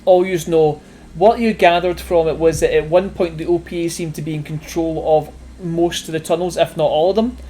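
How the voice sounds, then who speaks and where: A man narrating as game master of a tabletop role-playing game, talking in a relaxed, rambling way with lots of fillers. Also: fairly high pitch, moderate pace, slight background noise. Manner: laid-back, rambling, with many fillers and laughs.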